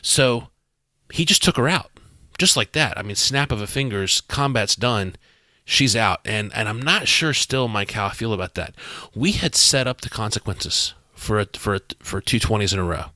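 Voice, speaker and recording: A man with a bright, forceful voice and a fairly low pitch, talking as game master in a podcast chat. He tells the story in an animated way, restarts often and acts out the lines of the people in it. The sound is dry and close to the mic. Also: moderate pace, dry recording. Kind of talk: podcast discussion.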